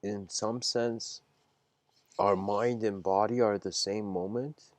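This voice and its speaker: Low-pitched guy giving a rambly casual lecture, kinda hesitant, dry close sound. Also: fairly even intonation, slow, no room sound. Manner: meandering, hesitant, slangy.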